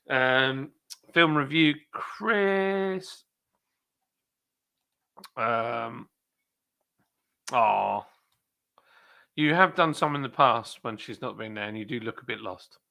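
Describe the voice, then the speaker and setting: A man hosts a relaxed live chat, talking loosely and joking at his own expense while he greets viewers. His voice has a gravelly edge with a bright, forward tone. He rambles through his points with plenty of ums and half-finished sentences. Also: medium pitch. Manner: chatty, self-deprecating, rambling with many fillers. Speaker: brewery livestream host. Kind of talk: casual live chat reading comments.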